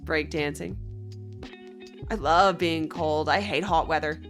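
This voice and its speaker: A woman's voice: low-pitched, steady tone, takes it slowly, a bit bright, soft background music. A young Australian woman streaming, chatting casually and giggly with her viewers. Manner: bubbly, giggly, chats with viewers. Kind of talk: casual livestream chat.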